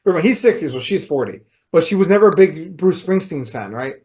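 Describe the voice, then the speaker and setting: A man with a slightly high voice co-hosting a relaxed podcast. He tells stories at length and drops dry, sarcastic remarks. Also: quick pace. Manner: dry wisecracks, anecdotal storytelling. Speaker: podcast co-host. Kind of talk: casual podcast chat.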